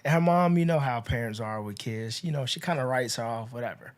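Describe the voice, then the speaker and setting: A man hosting a podcast, casually retelling a movie's plot in a chatty, rambling way, full of "you know" and "like", with his voice rising and dropping in loudness. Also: medium pitch, a little fast. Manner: chatty, filler-heavy storytelling with swings in loudness. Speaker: podcast host.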